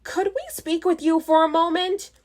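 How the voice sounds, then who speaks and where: A woman voicing a kind, cheerful young female fairy in a storybook reading, gently and sweetly. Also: very high voice, steady tone, moderate pace, voice pushed up.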